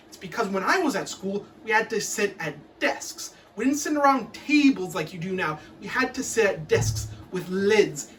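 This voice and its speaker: A woman's voice: medium pitch, a bit bright, distant mic, a little hiss or hum. A woman performing a comic recital of poems in a mock-stern, theatrical teacher's tone.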